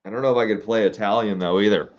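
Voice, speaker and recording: A man's voice: fairly low pitch, fast, lo-fi sound. A young man reading viewer suggestions and thinking aloud in a casual, hesitant way. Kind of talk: casual livestream-style chat.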